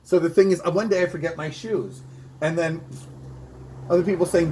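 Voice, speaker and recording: A man's voice: on the high side, expressive, a little fast, a little mellow, rough recording. A man rehearsing a stand-up comedy bit, with punchy delivery and a repeated catchphrase. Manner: bilingual.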